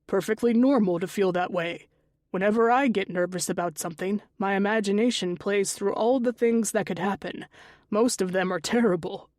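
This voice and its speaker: A woman voicing a calm, measured father figure who lectures patiently and stays gently firm, in an audiobook. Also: mid-range voice, no room sound, clean studio sound, lightly acted. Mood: reassuring. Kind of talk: audiobook character voice.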